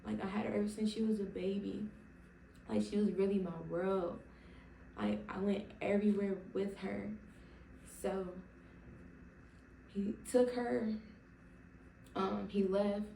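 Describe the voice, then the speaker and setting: A woman's voice: mid-range voice, level tone, measured pace, gravelly, long pauses, mellow, distant mic, a little hiss or hum. A young woman telling her personal faith testimony to camera, emotional and rambling, with many fillers and restarts. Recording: roomy sound from away from the mic.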